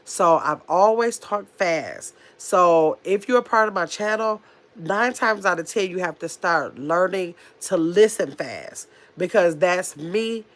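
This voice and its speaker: A woman in her fifties with a nasal voice, hosting a casual livestream, talking very fast and bluntly while reading chat comments. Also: fairly low pitch. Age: 50s. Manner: talks very fast, blunt and chatty. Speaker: livestream host.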